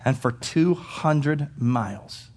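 A man's voice: mid-range voice, lively intonation, slow pace, a little mellow. A man preaching a sermon in a church, talking emphatically and building to fervent peaks. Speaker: pastor.

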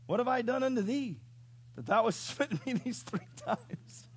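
A man's voice: very high voice, brisk, voice pushed up. A man voicing an indignant talking female donkey from scripture, pleading in old biblical phrasing. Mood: aggrieved.

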